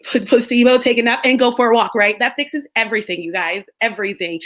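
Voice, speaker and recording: Animated young woman chatting on a live stream. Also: a little high, quick pace. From United States. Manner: animated storytelling, laughs often, mimics others. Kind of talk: casual chat.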